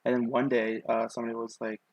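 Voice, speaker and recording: Chatting loosely with viewers while he sketches on stream, this young man rambles and fills silences with lots of ums and likes. He talks fast at a medium pitch, his delivery completely flat, and the audio has no room sound.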